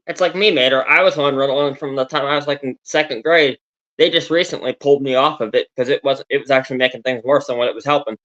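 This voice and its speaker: Fast-talking man, muffled sound. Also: medium pitch, a bit bright. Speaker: guest. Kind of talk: casual chat.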